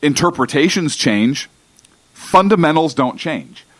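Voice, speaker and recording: A man co-hosting a talk radio show, arguing emphatically and slowly about principles, often restarting his sentences. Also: a little high, expressive, a bit bright, dry recording. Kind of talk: political talk radio discussion. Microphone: studio microphone.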